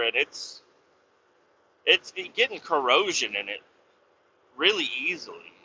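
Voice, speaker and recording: Bright and forceful, with a mid-range voice, a podcast host swears his way through a meandering, casual story about his day at work. The recording is lo-fi, a bit dull, and carries faint noise.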